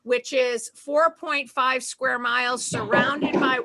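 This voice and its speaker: A woman's voice: high voice, steady tone, vocal fry, noisy background. A middle-aged woman with a Boston accent doing a chatty, self-deprecating stand-up set over a video call. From Boston area, USA. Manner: chatty, self-deprecating, breaks into quick put-on voices. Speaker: stand-up comedian.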